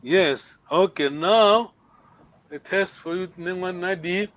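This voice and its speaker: High-voiced man teaching a language lesson. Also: slow pace, dull audio. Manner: patient, checks understanding with repeated "yes?".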